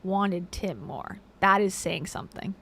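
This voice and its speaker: A woman's voice: mid-range voice, unhurried, creaky, slightly rough. A woman hosting reaction commentary, sarcastic and playful as she mocks the clips she plays. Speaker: commentary host.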